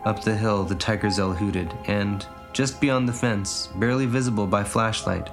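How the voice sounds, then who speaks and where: A man narrating an audiobook story in a measured, even way. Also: on the low side, music in the background. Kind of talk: audiobook reading.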